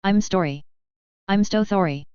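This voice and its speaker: A woman's voice: medium pitch, unhurried, darkish tone, smooth, no room sound, highs cut off, lightly acted. A woman doing a lisping, frightened snake creature. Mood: pleading. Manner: desperate, apologetic, tearful. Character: timid young male snake creature with a lisp.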